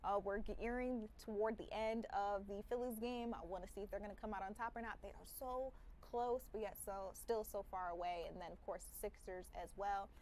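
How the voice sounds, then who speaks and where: A woman's voice: medium pitch, fairly even intonation, fairly quick, hardly any pauses, a little mellow, slight background noise. A woman news anchor on a live local broadcast, talking in a conversational, upbeat way.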